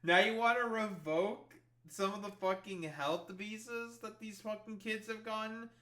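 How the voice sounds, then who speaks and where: A man's voice: sits high, fairly even intonation, measured pace, a bit bright. A young man streaming live commentary, swearing a lot and sounding sarcastic and incredulous. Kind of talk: livestream reaction commentary.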